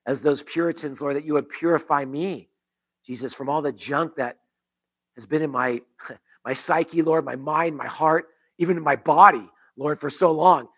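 Pastor, male, closing a sermon in prayer, earnest, halting, slightly high voice. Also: breathy edge. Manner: earnest prayer with many repetitions and restarts. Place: church sanctuary.

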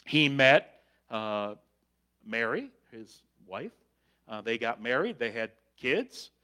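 Middle-aged guy preaching, real slow and emphatic, lots of ums, ordinary pitch. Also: sing-song, pushed and bright, clear, resonant tone. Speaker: pastor. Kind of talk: sermon.

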